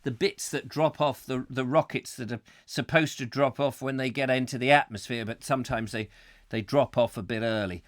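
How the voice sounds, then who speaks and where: A man's voice: medium pitch, fairly even intonation, moderate pace. A man hosting a comic live call-in show, rambling and joking as he reads out viewer comments. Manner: rambling, jokey, reads viewer comments aloud in funny voices. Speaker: host.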